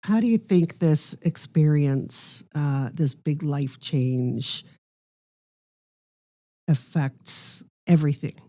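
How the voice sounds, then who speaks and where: A woman's voice: low-pitched, slow pace, mellow, dry recording. A woman co-hosting a podcast, supportive and a bit rambling as she asks questions. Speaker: podcast co-host. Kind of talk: conversational interview.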